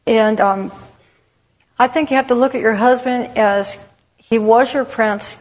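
Fairly high-pitched yet darkish in tone, her speech runs a little slow with fairly even intonation. This middle-aged women's ministry speaker gives an honest, conversational testimony to a church crowd, restarting frequently and saying "you know," heard through long hall reverb.

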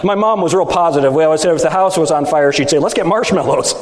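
Emphatic Baptist preacher in an echoey hall. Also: male voice, fairly high pitch, very fast. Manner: emphatic, rhetorical, seeking agreement from the audience. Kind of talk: sermon at a preachers' meeting. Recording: echoey hall, speaker at times off mic.

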